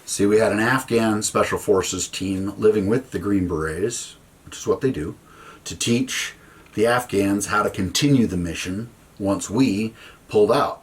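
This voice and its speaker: A man, a military veteran, telling a story to an audience in an animated, profane way, acting out conversations. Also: on the low side.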